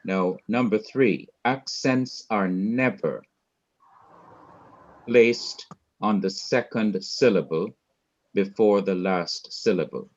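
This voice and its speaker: A man's voice: on the low side, takes it slowly, pauses often, dull audio. A man teaching a Hebrew class in a patient lecture style, repeating and rephrasing each point. He is heard over a video call.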